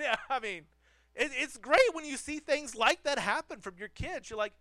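A man's voice: extremely high pitch, brisk, a bit bright, dry recording. A man preaching a sermon as the pastor, telling a family story with self-deprecating humor and repeating phrases for emphasis. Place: church pulpit.

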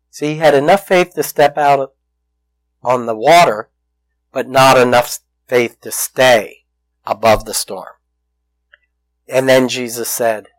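A man's voice: mid-range voice, unhurried, pauses often, no room sound, poor audio. A man preaching a sermon, telling a story with acted-out voices and questions to the congregation. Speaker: pastor.

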